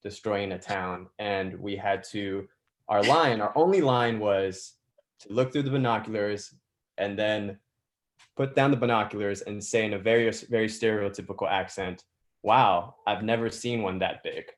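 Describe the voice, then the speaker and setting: A man's voice: on the low side, moderate pace. A young adult man actor on a press panel, telling stories with restarts and chuckles. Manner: storytelling, repeats words, chuckles. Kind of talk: virtual press conference answer.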